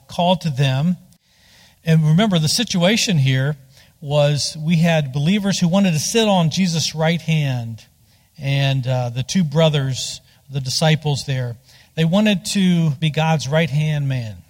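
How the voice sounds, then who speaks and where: A man preaching a sermon in a conversational, digressive way, rising in pitch to stress his points. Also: a little slow. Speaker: pastor. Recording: long hall reverb.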